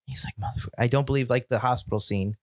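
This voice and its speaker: A man from upstate New York, co-hosting a casual film podcast, opinionated and animated, sometimes slipping into mock voices. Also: medium pitch, fast talker, dry recording, clean studio sound. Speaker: podcast co-host.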